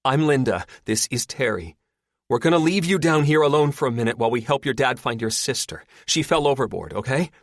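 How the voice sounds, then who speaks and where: A man voicing a grown woman who gives firm orders in a crisis and explains things gently, in an audiobook reading. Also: mid-range voice, animated, a little fast, no echo, studio quality, pitched above the performer's own voice. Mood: gentle.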